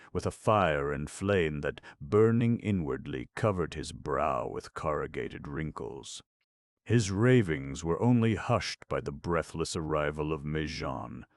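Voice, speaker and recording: A man narrating a classic novel in a measured, even reading. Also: very deep voice, dry recording, clean studio sound. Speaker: audiobook narrator. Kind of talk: scripted narration.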